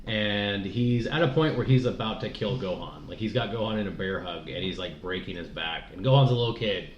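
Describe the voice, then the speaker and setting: A man's voice: fairly low pitch, brisk. A man co-hosting a podcast, chatting casually in a rambling, profane way. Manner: rambling, profane, laughs often. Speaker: podcast co-host. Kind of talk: casual chat. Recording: echoey, dull room audio with faint noise.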